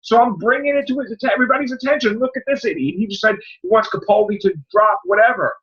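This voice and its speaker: Exasperated and ranting, a man on a casual podcast chat lets his pitch swing widely. He's a fast talker with a slightly bright voice, recorded with lo-fi sound.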